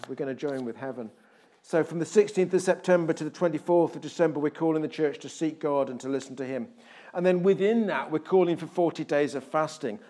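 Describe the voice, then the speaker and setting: A man preaching a sermon and giving church announcements in a conversational, jokey way. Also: on the high side. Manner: conversational, jokey asides, animated shifts in volume. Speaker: pastor. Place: church hall.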